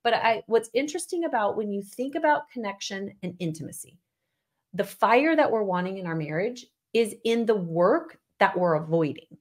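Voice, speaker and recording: Animated woman co-hosting a podcast. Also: mid-range voice, moderate pace. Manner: animated, emphatic, laughs often. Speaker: podcast co-host. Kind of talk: casual conversation with spouse.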